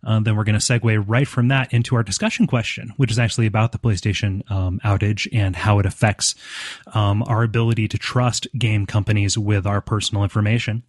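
A man hosting a casual gaming podcast, talking in a halting way with many fillers and restarts. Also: fairly low pitch, level tone, dry recording, studio quality. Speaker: podcast host.

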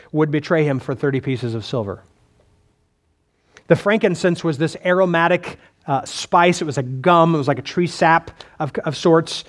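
A man preaching a sermon in a conversational way, asking the listeners questions and often restarting his sentences. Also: a little high. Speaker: pastor.

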